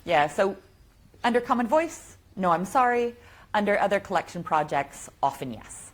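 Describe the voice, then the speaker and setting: A woman speaking at a tech conference, answering audience questions in an eager, quick and chatty way. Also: mid-range voice, expressive, slight background noise.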